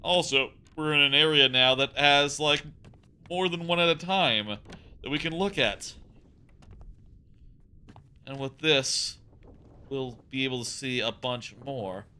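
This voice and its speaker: A man's voice: mid-range voice, measured pace, pauses often, pushed and bright, smooth. A young man casually musing aloud as he plays through a game, rambling as he goes. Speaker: let's play host. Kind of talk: casual gameplay commentary.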